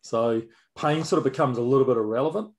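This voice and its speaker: A man's voice: medium pitch, quick pace, a little mellow. A middle-aged man with a New Zealand accent co-hosting a podcast, telling blunt stories with stammered restarts. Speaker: podcast co-host, former personal trainer. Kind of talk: casual chat.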